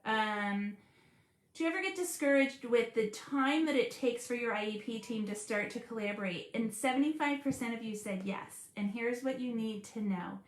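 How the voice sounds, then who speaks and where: Animated woman, echoey room. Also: a little high, normal speed. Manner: earnest, animated, laughs often. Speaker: special education advocate hosting a live stream. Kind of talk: casual live-stream talk.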